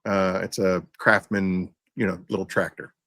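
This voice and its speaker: A man's voice: low-pitched, flat delivery, normal speed, fairly bright tone, no room sound. Podcast host guy, ranty and stubborn, keeps restarting, dry close sound. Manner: rambling, stubborn ranting with many restarts. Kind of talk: casual storytelling.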